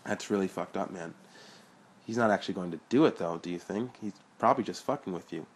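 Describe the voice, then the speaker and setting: A man's voice: deep voice, fast, slight background noise. Man reading a sarcastic, impatient young guy.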